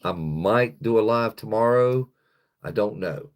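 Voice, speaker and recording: A man's voice: fairly low pitch, measured pace. A man chatting casually on his live stream, rambling loosely and swearing freely, into a phone on a stick.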